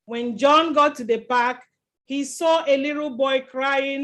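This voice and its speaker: High-voiced woman telling a church children's story. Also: measured pace, dull audio. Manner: lively, quizzes the children with questions.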